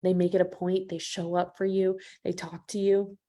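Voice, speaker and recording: A woman coach with a mellow voice leads a live training for her listeners. She talks to them warmly as "y'all" and acts out the quoted voices with big swings in pitch. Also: level tone, moderate pace. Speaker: business coach.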